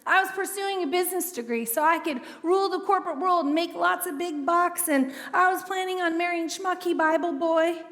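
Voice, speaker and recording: A woman with a high, bright-pitched voice tells her testimony from a stage, lively, slipping into little acted-out bits of dialogue. Her words ring out with a long reverb tail through a large hall. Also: a little fast, few pauses. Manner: lively storytelling, acts out quoted dialogue. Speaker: ministry founder and speaker. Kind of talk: testimony sermon.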